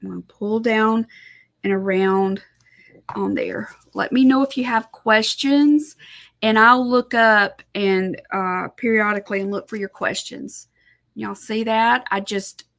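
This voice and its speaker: A woman's voice: medium pitch, creaky. A middle-aged woman giving a chatty live painting tutorial, thinking aloud and correcting herself as she goes. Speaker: art instructor.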